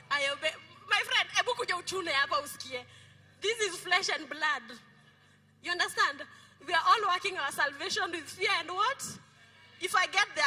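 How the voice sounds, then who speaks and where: A middle-aged woman pastor with a Kenyan accent, preaching a lively sermon in a church, playful and quizzing her congregation. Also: extremely high pitch. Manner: playful, code-switching, asks the congregation questions. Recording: music behind the preaching.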